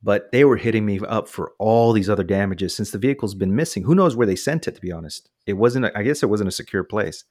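A man's voice: lowish voice, fast, hardly any pauses, dry recording, clean studio sound. A man from the United States casually telling a long personal story, acting out quotes from the people involved. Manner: animated anecdote with voiced quotes.

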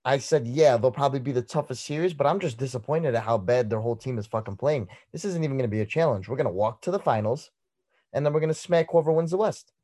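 A young man co-hosts a sports debate, teasing and gloating in a smug, trash-talking way. His voice sits at an ordinary middle pitch. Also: quick pace, mellow. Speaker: podcast co-host.

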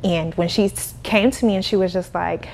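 A young adult woman, a podcast guest who runs a cleaning business, telling her story in a casual, animated way with frequent laughter. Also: lowish voice, normal speed, vocal fry. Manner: animated, laughing, acts out quoted voices.

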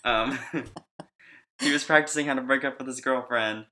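A man's voice: medium pitch, measured pace, background noise. A man co-hosting a podcast, chatting casually about a movie, joking and often laughing. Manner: joking and animated, often laughing and acting out quotes. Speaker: podcast co-host.

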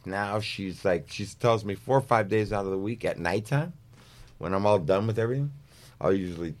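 A man's voice: fairly low pitch, fairly quick. A man co-hosting a podcast in casual chat, asking short questions. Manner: brief questions and backchannel.

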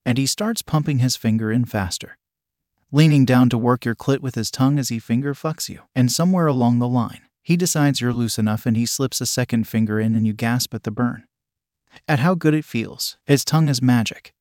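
A man narrating a second-person adult audio story in a soft, intimate way. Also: mid-range voice, moderate pace, no echo, studio quality.

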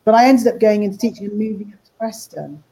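A woman's voice: mid-range voice, quick pace, warm tone, poor audio. A woman talking casually about her work in animation and voice acting, rambling with restarts. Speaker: animator and voice actor. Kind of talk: casual interview talk.

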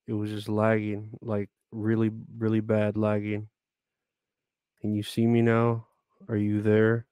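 A man's voice: fairly low pitch, completely flat delivery, unhurried, dark tone, clear, resonant tone, no room sound. A man chatting casually with viewers on a live stream, rambling, grumbling and swearing a lot.

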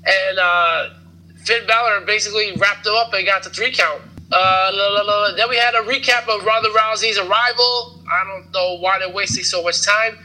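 A man's voice: high-pitched, steady tone, moderate pace, pushed and bright, poor audio. A man hosting a podcast, giving a casual, rambling recap with lots of fillers and jokes. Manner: rambling, filler-heavy, joking. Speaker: podcast host. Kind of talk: casual wrestling recap chat.

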